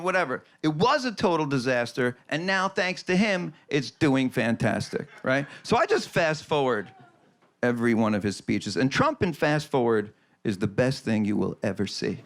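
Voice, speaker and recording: A man's voice: fairly high pitch, fairly bright tone. A male stand-up comedian delivering wry, conversational political jokes. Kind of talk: stand-up set.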